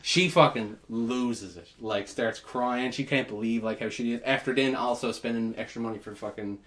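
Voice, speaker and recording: Animated, swearing man telling a story. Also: medium pitch, normal speed. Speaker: podcast host. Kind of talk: casual storytelling chat.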